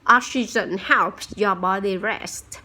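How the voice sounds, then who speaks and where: Woman playing a slow, patient teacher. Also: mid-range voice, sharp tone. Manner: slow, careful, explanatory reading. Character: patient female schoolteacher explaining to a pupil.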